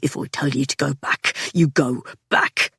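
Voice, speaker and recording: A woman voicing a stern, desperate young man leading a mine rescue, speaking low, clipped and strained. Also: fairly even intonation, unhurried, creaky, fairly bright tone, breathy edge, dry recording, clean studio sound, exaggerated voice. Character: stern, desperate young male miner leader.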